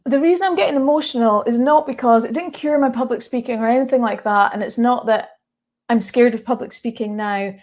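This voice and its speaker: A Scottish woman tells her own story to viewers, earnest and candid, and on the edge of tears. Her voice sits fairly high. She breaks into laughter now and then. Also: fairly quick, a little mellow. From Scotland. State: emotional, close to tears. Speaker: mindset coach and speaker. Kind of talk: personal story told to viewers.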